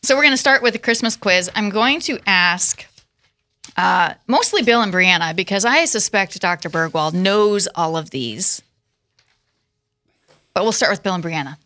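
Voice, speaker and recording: Bright-voiced giggly woman host. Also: mid-range voice, lively intonation, moderate pace, no room sound. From South Dakota. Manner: giggly, upbeat, talks through laughs. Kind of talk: casual studio chat, quizmaster. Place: studio.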